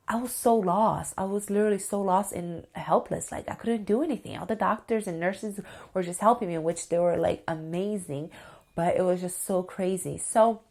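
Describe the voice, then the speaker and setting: Thirties woman vlogging, kinda low voice, super chatty and hyped, lots of "like". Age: 30s. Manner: excitable and chatty, full of "like" and "you guys". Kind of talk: casual storytelling to camera.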